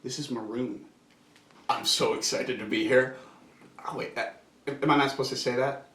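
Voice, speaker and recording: A man's voice: medium pitch, steady tone, normal speed, a bit bright, close to an everyday voice. A man playing an eager, nervous young henchman who rambles and gets flustered. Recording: echoey room.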